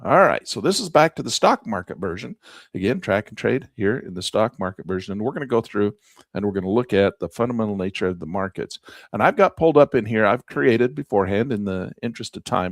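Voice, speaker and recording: A man's voice: lowish voice, sing-song, fast, vocal fry, no echo, clean studio sound. A man teaching a screen-share trading lesson in a folksy, chatty way, often repeating himself. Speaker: trading instructor.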